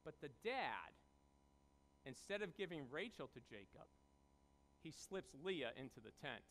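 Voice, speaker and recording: A man preaching a sermon as pastor, telling the story in an animated way and acting out the characters' voices. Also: fairly high pitch, unhurried, slight background noise. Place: church sanctuary.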